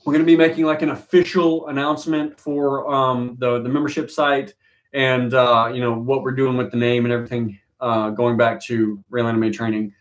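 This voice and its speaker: A man who is a fitness trainer, co-hosting a casual live-stream chat in a rambling, halting way. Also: mid-range voice, little pitch movement.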